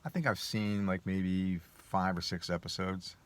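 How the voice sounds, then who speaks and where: Deep voiced guy telling a story, rambly, lots of uh and restarts. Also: fairly even intonation, measured pace. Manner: rambling, hesitant with many restarts and self-deprecating laughs. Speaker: vlogger. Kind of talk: casual personal storytelling monologue.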